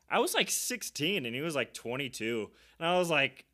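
Bright-toned young man hosting a podcast. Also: on the high side, moderate pace, hardly any pauses. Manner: relaxed anecdotal storytelling, easygoing. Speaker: podcast host. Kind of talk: casual podcast chat.

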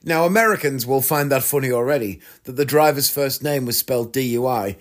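A man with an English accent, a magician and podcast host, telling comic stories in a wry, deadpan way. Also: medium pitch, fairly quick. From England. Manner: wry, deadpan storytelling with frequent laughs. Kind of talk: comic storytelling monologue.

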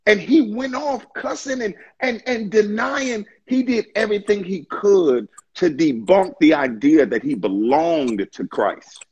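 A man in a casual faith discussion, talking in an impassioned, preachy way with stammering restarts and a husky voice. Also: high-pitched, expressive, unhurried, few pauses, darkish tone, lo-fi sound.

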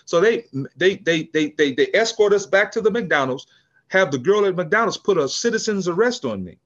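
High-voiced older man telling a story. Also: moderate pace, muffled recording. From California, USA. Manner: animated storyteller, acts out quotes, frequent restarts. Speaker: podcast guest, business founder. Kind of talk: casual storytelling interview.

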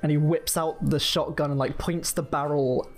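A man's voice: fairly high pitch, fairly even intonation, normal speed, soft background music. A man narrating as game master in a casual, filler-heavy way.

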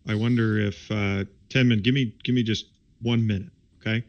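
A man playing a tabletop game, hesitating and restarting his sentences. His voice is low and gravelly. It comes through a dull, lo-fi mic. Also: steady tone, moderate pace. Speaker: player.

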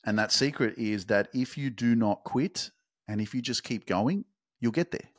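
A man's voice: medium pitch, no room sound, studio quality. Emphatic, fired-up male motivational podcaster. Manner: emphatic, swears freely, rises to loud fast peaks. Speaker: podcast host.

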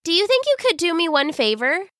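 A woman voicing a brave, cheerful little village girl in a storybook, bright and eager. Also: very high voice, very animated, brisk, no room sound, clean studio sound, voice pushed up, heavily acted.

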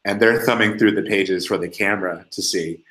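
A man co-hosting a podcast, telling stories in an animated way with many restarts. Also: low-pitched, normal speed. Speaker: podcast co-host. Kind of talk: casual chat. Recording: echoey room.

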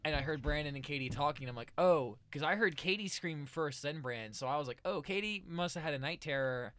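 A man's voice: on the high side, fast talker, bright, forceful tone, slight background noise. A man hosting a podcast, telling a story in a rambling way with lots of fillers. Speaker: podcast host. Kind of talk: casual chat.

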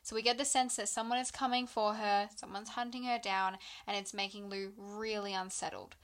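A young woman casually retelling a novel's plot to a friend, playful and quick to laugh. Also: mid-range voice, level tone, fairly bright tone. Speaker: book podcast co-host. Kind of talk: casual chat recapping a novel.

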